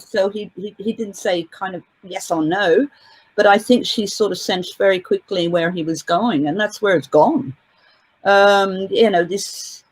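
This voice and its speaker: A woman's voice: on the low side, a little mellow, slightly rough, poor audio. A woman observing a trial who talks in long, rambling sentences full of restarts, speaking at an outdoor vigil. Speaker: trial observer giving an interview. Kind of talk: casual spoken commentary.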